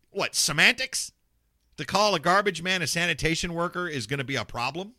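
A man's voice: on the high side, very animated, fairly quick, pushed and bright, no room sound, studio quality. A man hosting a talk radio show, ranting bluntly and sarcastically with plenty of swearing. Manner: mocks callers in put-on voices.

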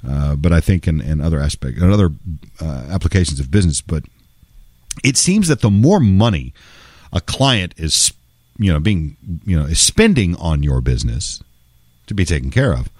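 A man's voice: deep voice, no room sound, studio quality. A male voice-over artist telling a casual story in a wry, conversational way, with some salty language.

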